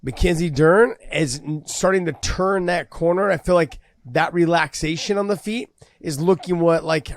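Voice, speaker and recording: A man's voice: on the high side, creaky, dry recording. Man teasing, then breaking down fights. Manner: teasing banter, then steady analytical fight talk. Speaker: podcast co-host. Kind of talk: casual chat and sponsor read.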